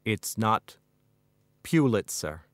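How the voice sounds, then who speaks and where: Wry older poet, flat dry delivery, read by a man. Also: fairly low pitch, a little slow, smooth, dry recording. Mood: deadpan. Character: wry older male poet, deadpan wit.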